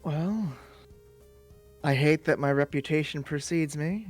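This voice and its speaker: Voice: mid-range voice, a little slow, a little mellow, soft background music. A player in a tabletop role-playing game, moving between in-character talk and out-of-character asides and repeating words when unsure.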